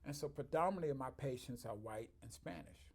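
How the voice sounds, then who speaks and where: A chiropractor telling stories in an interview, acting out other people's voices and swinging from quiet to loud. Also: male voice, mid-range voice, animated, brisk, slightly rough. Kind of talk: storytelling interview.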